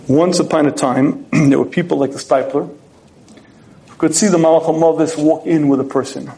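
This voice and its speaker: A man speaking as a rabbi, giving a recorded Torah lecture, clearing his throat often and telling stories. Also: on the high side, a little mellow, low-quality recording. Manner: frequent throat clearing, storytelling with acted quotes.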